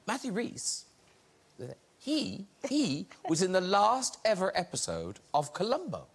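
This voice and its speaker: Chatty talk-show host, husky voice. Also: male voice, sits high, wildly swooping pitch, measured pace. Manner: chatty, steering questions. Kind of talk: hosting a chat show.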